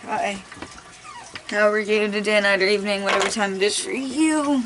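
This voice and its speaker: A woman's voice: mid-range voice, fairly even intonation, moderate pace, noisy background. A young woman in a laid-back, tired casual chat at home, giggling now and then as she reads aloud. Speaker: vlogger reading aloud.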